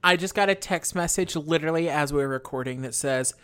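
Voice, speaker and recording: A woman's voice: sits low, a little fast, hardly any pauses, clean tone. A woman co-hosting a podcast in casual chat, chatty and wry with self-mocking jokes. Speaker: podcast co-host.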